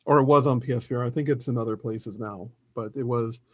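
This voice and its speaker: A man's voice: mid-range voice, fairly even intonation, quick pace, darkish tone, no room sound. A man co-hosting a casual gaming podcast, rambling with many fillers and chuckles. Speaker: podcast co-host. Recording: dull, dry podcast audio.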